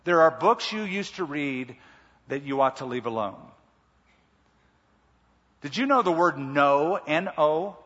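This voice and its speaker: Husky man preaching in a big hall. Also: fairly high pitch, fairly bright tone. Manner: emphatic, repeats key words. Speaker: pastor. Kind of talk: sermon. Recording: muffled hall reverb.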